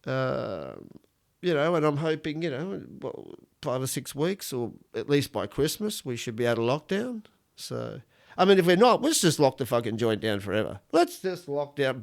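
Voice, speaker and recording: A man's voice: mid-range voice, gravelly. A man in his fifties with an Australian accent, hosting a casual solo podcast from his garage, blunt and rambling, swearing and joking as he goes. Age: 50s. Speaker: podcast host. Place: home garage studio.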